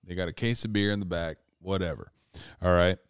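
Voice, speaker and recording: A man's voice: deep voice, fairly quick, smooth, no echo, clean studio sound. Profane rambling man telling a campfire tale. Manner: profane, rambling, laughing between lines. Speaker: storyteller. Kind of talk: casual drunk storytelling.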